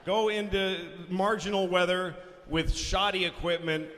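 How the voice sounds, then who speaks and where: A male stand-up comedian telling a story on stage, profane and exasperated, bursting into shouts. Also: high voice, fairly even intonation, unhurried, in a large hall, a little hiss or hum.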